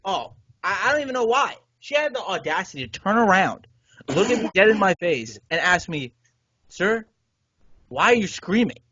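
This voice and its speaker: Male podcast co-host, high and husky, casual storyteller with an indignant edge, dry dull-mic sound. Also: brisk. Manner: animated, indignant retelling with swearing.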